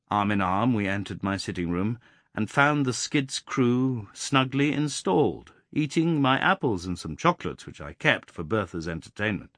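Man, audiobook narrator, first-person novel, lowish voice, lively intonation, measured reading. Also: no room sound, clean studio sound.

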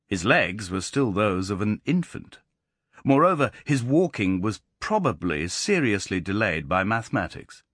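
Reading a literary audiobook, a man with a voice on the low side tells the story in a measured, expressive way. The studio sound is clean, with no echo.

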